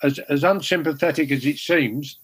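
A man's voice: on the high side, normal speed, breathy edge, low-quality recording. An older man, a former goalkeeper telling rambling, self-deprecating stories with many restarts. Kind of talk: casual anecdote telling.

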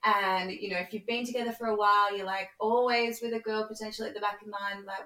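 A woman's voice: mid-range voice, fairly even intonation, fast talker, bright, forceful tone. Woman host in a roomy space. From Australia. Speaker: podcast host. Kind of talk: casual interview chat.

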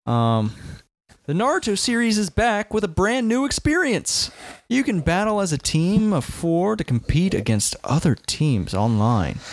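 A man co-hosting a casual video game podcast, chatting and reading out game listings in a relaxed, conversational way. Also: a little high, no room sound, clean studio sound. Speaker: podcast co-host.

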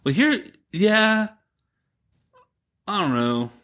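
A man's voice: high-pitched, very slow, smooth. Man animatedly retelling a movie plot. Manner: rambling, animated retelling with quoted voices. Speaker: podcast co-host. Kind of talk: casual chat recapping a movie.

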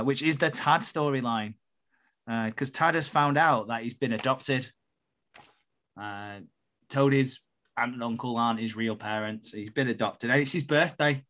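A man's voice: mid-range voice, a bit bright. Rambling man recapping a soap. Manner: rambling, swears, laughs often. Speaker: podcast host. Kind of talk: casual chat recapping a soap.

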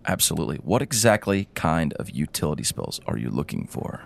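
A man's voice: very deep voice, sing-song, brisk, vocal fry, exaggerated voice. A man voicing an older male gnome librarian who stammers and fusses nervously. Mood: eager. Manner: stammering, flustered.

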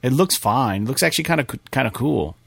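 A man co-hosting a gaming podcast, talking casually and excitedly, swearing often and rambling. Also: medium pitch, quick pace, vocal fry, breathy edge, no echo, clean studio sound. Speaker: podcast co-host.

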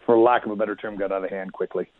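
A man who once played pro hockey, telling his old stories as a guest in a rambling, animated way, with lots of restarts. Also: on the low side, very fast, no echo. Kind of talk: casual storytelling interview. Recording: tinny dry phone line.

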